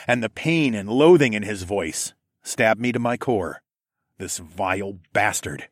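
A man's voice: on the low side, breathy edge, dry recording, studio quality. A man narrating a fantasy story expressively. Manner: expressive, with voiced dialogue.

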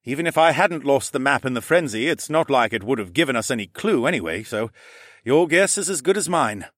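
A man voicing an eager, roguish young male adventurer sidekick who talks in an excitable, shouty way. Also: fairly quick, dry recording, clean studio sound. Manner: excitable, shouty, high-pitched. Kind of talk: audiobook character voice.

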